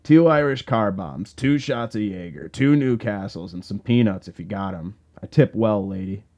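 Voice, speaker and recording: A rowdy, hard-drinking young man, voiced by a male audiobook reader barks his demands well above his usual pitch. He is boisterous and shouting. The recording is slightly dull and lo-fi. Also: lively intonation, moderate pace, natural voice. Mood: demanding.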